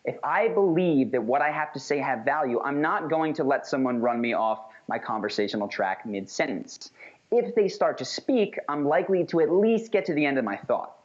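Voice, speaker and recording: A man's voice: on the high side, lively intonation, normal speed, muffled recording. A man giving a recorded course lecture, explaining with acted-out examples. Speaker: communication instructor.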